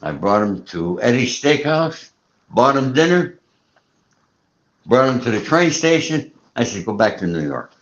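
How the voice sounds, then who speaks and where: A man's voice: mid-range voice, very animated, measured pace. A man hosting a casual chat, telling a rambling, profane story and acting out the dialogue he quotes. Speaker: show host. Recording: muffled lo-fi audio.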